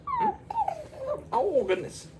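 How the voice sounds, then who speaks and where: A man spinning a rambling comic tale in a slow, unhurried way, his pitch leaping up and down as he throws in sound effects. A noticeable hiss of noise sits behind his voice. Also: wildly swooping pitch. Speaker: comedic storyteller.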